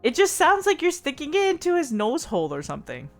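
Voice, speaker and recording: A woman's voice: high voice, fast, soft background music. A woman streamer chatting casually, giggling often as she talks. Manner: giggly, animated, laughs often. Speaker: streamer host.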